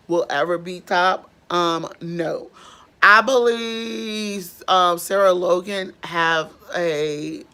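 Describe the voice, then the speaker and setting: Young woman vlogger with a strained, gravelly voice, talking slowly and rambling through her recap. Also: fairly low pitch, a bit bright. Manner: chatty, rambling, with many fillers. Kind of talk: casual recap vlog.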